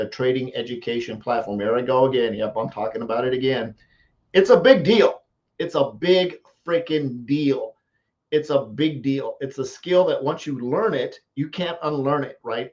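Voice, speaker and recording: A man from the United States, a marketing coach, giving a casual live-stream pitch and repeating phrases for emphasis. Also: darkish tone, dull audio.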